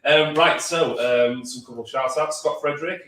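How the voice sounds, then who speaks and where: A man's voice: fairly high pitch, moderate pace, fairly bright tone, recorded from a distance. A man with an English accent hosting a stream in a chatty, jokey way and reading out viewer comments. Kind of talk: casual hosting chat. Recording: echoey room, off-mic with faint noise.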